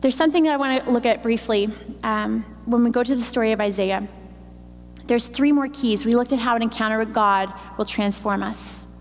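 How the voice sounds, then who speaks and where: Woman preacher, kinda high voice, echoey church hall, faint hiss behind. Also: fairly quick. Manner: emphatic teaching, building on repetition. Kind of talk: sermon. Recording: long hall reverb, faint noise.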